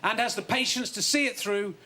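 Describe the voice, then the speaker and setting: A man's voice: sits high, a little fast, very noisy. A man doing a bitter, mock-indignant stand-up routine on a TV studio stage. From England. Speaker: stand-up comedian.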